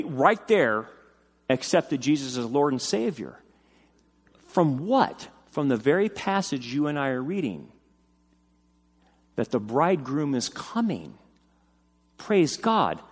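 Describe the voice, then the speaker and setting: Animated preaching man in a reverberant hall. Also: on the high side, slow pace, husky. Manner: animated, emphatic preaching with rising excitement. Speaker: pastor. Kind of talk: sermon. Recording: long reverb of a church hall.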